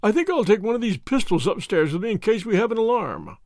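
A man voicing a bluff, hearty old army colonel who talks briskly and emphatically. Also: high voice, big pitch swings, darkish tone, dry recording, clean studio sound, pitched above the performer's own voice.

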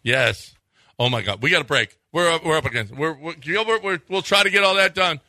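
Bright, teasing male radio host. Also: a little high, fairly quick, no room sound. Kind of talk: casual radio banter. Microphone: studio mic.

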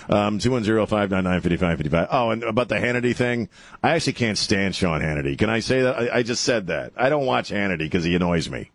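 A man's voice: fairly low pitch, expressive, fast talker, no room sound. A man hosting a talk radio show, blunt and brash, laughing often between opinions. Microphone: studio mic.

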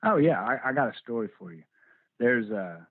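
A man's voice: medium pitch, big pitch swings, moderate pace, dry recording. Texan man on a tinny line. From Texas. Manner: laid-back, profane, rambling drawl. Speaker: band musician guest. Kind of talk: casual interview storytelling. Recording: tinny phone-like remote line.

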